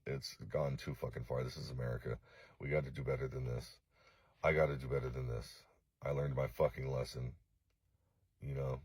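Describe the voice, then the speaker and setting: A distraught man from Los Angeles making a halting, profane, remorseful apology video, full of fillers. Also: extremely low pitch, darkish tone, husky, no room sound. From East Los Angeles.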